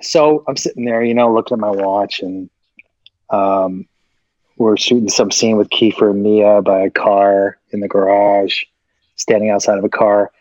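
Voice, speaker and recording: A man's voice: fairly low pitch, fairly even intonation, moderate pace, darkish tone, no room sound, dull audio. Man telling a story, acting out voices. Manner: acts out quoted voices, laughs often. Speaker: actor guest. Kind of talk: animated anecdote telling.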